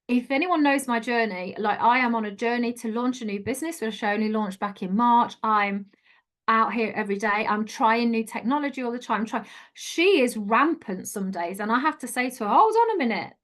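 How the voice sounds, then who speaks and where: A woman's voice: a little high, a bit bright. A middle-aged woman giving an online coaching talk, chatty, earnest and encouraging. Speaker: life coach.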